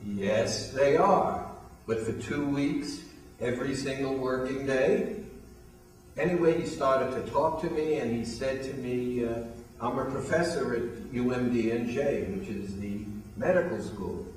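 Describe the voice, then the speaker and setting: An older man who founded a weight loss program, appearing as a guest in a storytelling interview, tells a long anecdote and acts out the lines of the people in it. His mid-range voice is darkish and measured, picked up off-mic from a distance in an echoey room.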